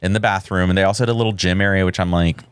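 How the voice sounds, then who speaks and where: A man's voice: deep voice, steady tone, rapid-fire, clean tone, no echo. A man from Ohio co-hosting a comedy podcast, telling stories in casual chat and acting out the people he quotes. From Ohio, USA. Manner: chatty storyteller, acts out quoted people. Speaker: podcast co-host.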